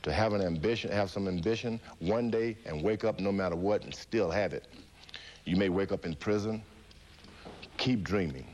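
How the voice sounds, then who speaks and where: A man, an interview guest, telling his life story with animated delivery, acting out voices and laughing often. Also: sits low, normal speed.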